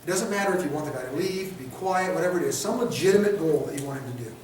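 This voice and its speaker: Male instructor, high-pitched, talky classroom style with rhetorical questions, taped from a distance in a very echoey room. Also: lively intonation, slight background noise. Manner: acts out quick street scenarios in quoted voices. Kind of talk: classroom lecture. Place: training classroom.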